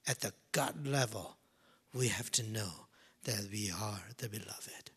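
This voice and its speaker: A man preaching a sermon, swinging from loud emphasis to hushed near-whispers and repeating key phrases slowly. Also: lowish voice, slightly rough. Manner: slow, deliberate delivery with repetition.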